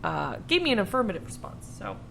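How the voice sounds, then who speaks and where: A woman's voice: mid-range voice, wildly swooping pitch, fast talker, gravelly, a bit bright, slight background noise. A young adult woman co-hosting a casual podcast, rambling, swearing freely and laughing at herself. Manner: laughing, profane, self-deprecating rambling. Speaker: podcast co-host.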